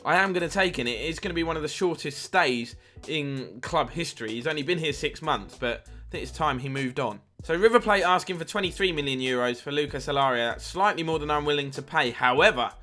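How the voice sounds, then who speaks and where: Male gamer, casual play-by-play, bright tone over soft background music. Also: a little high, brisk. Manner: chatty play-by-play, lively at big chances. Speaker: gaming YouTuber. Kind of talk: video game commentary.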